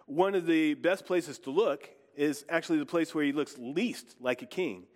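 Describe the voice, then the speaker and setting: A man's voice: fairly high pitch, big-room sound. A man preaching in a church, guiding his congregation in a conversational way. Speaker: pastor. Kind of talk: sermon.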